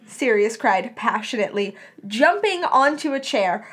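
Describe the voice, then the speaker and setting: A woman's voice: a little high, lively intonation, normal speed, few pauses, breathy edge. A woman hosting a podcast, reading a story aloud expressively and chatting casually between passages. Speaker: podcast host reading fan fiction aloud.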